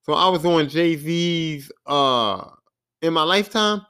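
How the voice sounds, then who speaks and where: A man's voice: a little high, animated, takes it slowly, bright, forceful tone, clean tone. A man in his forties hosting a podcast, telling a rambling, profane, self-mocking story. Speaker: podcast host. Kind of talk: casual storytelling monologue.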